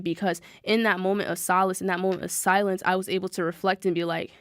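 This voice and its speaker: A young adult woman, hosting a podcast in an animated, chatty self-help monologue that addresses listeners directly. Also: on the low side, quick pace, few pauses, smooth, dry recording, clean studio sound. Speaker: podcast host. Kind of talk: casual motivational monologue.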